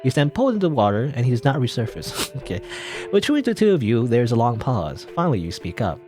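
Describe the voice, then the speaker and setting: A man's voice: medium pitch, big pitch swings, quick pace, dark tone, soft background music. A man hosting a let's play, reading a game's text aloud with playful, laughing asides.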